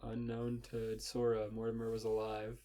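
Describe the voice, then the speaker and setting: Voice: mid-range voice, monotone, normal speed, mellow. A podcast host reading fan fiction aloud as a comedy bit, often breaking into laughter. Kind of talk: comic read-aloud with banter.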